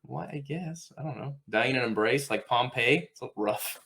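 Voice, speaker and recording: A man with a mid-range voice co-hosting a relaxed film chat. He tells behind-the-scenes trivia in a chatty way and laughs often. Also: medium pitch, fairly quick, gravelly. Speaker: podcast co-host. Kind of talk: casual movie chat.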